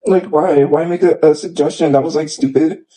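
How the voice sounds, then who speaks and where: High-voiced man ranting on a livestream. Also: steady tone, normal speed, dark tone, poor audio. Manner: upset, rambling, repeats himself with many fillers. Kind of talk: emotional livestream rant.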